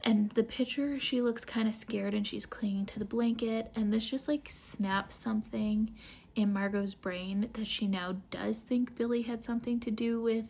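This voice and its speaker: Woman host, casual book-club recap, light fry in the voice. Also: a little high, steady tone, normal speed, mellow. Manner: chatty, rambling retelling with asides.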